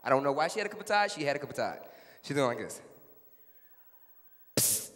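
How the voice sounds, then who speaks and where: Male stand-up comic, animated delivery, bright tense tone, echoing hall. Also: mid-range voice, very fast. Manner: animated, repeats punchlines. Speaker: stand-up comedian. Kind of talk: live stand-up storytelling.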